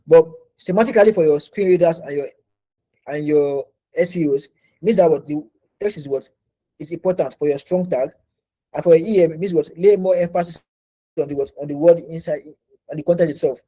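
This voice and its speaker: A man's voice: a little high, a little fast, mellow, low-quality recording. A man teaching an online class, explaining at length with many restarts and repeated words while quizzing his students over a video call. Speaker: instructor.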